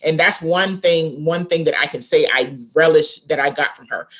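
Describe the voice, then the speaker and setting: A woman's low voice comes through a muffled recording at normal speed. An author from South Carolina and an interview guest, she tells a family story casually, bringing its characters to life by acting out their words.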